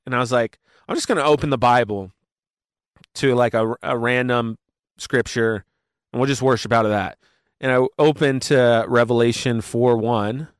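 A man talking casually in an interview, animated and full of fillers as he tells his story. His voice is smooth and resonant, at a middle pitch, and the recording is dry and close. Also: dry recording. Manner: animated storyteller with many fillers and quick asides. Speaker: worship pastor, guest.

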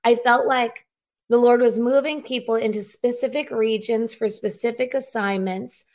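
Brief: upbeat higher-voiced woman in her thirties, laughing often, speaking from home on a call. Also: fairly even intonation, normal speed, a little mellow. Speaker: guest, revivalist preacher. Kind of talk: casual interview chat. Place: at home on a live video call.

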